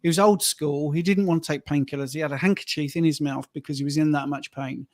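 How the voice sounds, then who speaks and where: A man's voice: a little high, fairly even intonation, fast, a little mellow, dry recording, clean studio sound. A man, a fitness coach co-hosting a live stream, chatting casually and telling stories about his clients. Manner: storytelling, acts out quoted voices.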